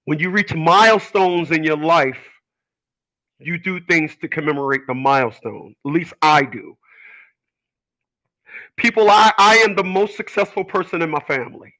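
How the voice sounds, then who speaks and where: A man's voice: a little high, animated, moderate pace, pauses often, pushed and bright, rough recording. A man hosting his own show, talking in an emphatic, rambling monologue full of repetitions and stammered restarts. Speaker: radio show host. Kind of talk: casual monologue.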